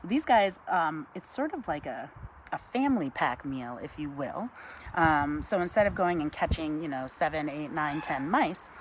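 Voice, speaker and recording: A woman, giving a chatty live-stream talk outdoors, greeting viewers by name and cooing softly to an owl. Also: deep voice, animated, normal speed, a little hiss or hum. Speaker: wildlife educator.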